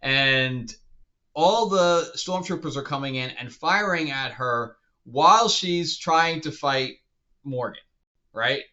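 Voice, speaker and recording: A man's voice: medium pitch, slow pace, sharp tone. A man reviewing a TV show in a casual rant, sounding incredulous and exasperated and often laughing. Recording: dull lo-fi sound.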